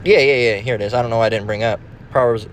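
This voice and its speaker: A man's voice: medium pitch, fairly even intonation, rapid-fire, a little hiss or hum. A man preaching in a casual, emphatic, profane manner, reading scripture and rambling with restarts, recorded in a car. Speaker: religious teacher.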